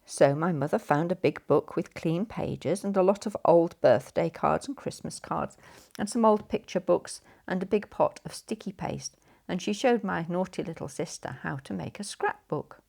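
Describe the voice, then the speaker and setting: A woman reading a children's story aloud, expressive and playful, drawing out the sound words. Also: fairly low pitch, moderate pace, creaky.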